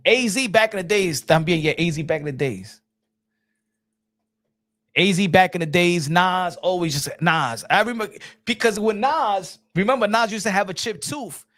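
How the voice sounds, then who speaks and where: A man from New York with a New York accent, slipping into Spanish, ranting in a rambling, mocking way that breaks into shouting. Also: sits high, normal speed. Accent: New York, with Spanish mixed in. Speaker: streamer. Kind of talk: loud animated rant.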